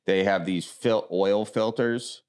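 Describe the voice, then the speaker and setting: A man from the American Midwest answering rapid questions in an easygoing, rambling way. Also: on the low side, steady tone, a little mellow. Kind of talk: casual chat.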